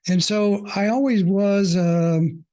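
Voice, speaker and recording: A man working as a mindfulness coach, telling a personal story in a reflective, halting way with many fillers, earnest and openly emotional. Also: high voice, dark tone.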